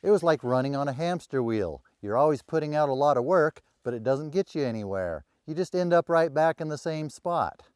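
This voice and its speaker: Middle-aged man, medium pitch, dry close sound, wry and self-mocking, casual explainer. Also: a little mellow, dry recording. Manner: wry, self-deprecating humor. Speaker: rural landowner and video creator.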